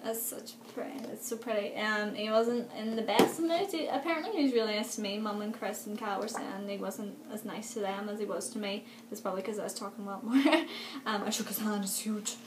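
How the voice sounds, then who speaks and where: A young woman, chatting excitedly in a casual vlog, full of fillers. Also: mid-range voice, brisk. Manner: chatty and gushing, many fillers, laughs often. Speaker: vlogger. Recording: echoey room with faint background noise.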